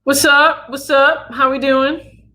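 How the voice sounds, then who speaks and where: A man's voice: extremely high pitch, slow pace. A man in his thirties from the US Midwest, casually answering viewer questions on a livestream. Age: 30s. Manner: relaxed, chatty, reads viewer questions aloud. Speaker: sneaker channel host.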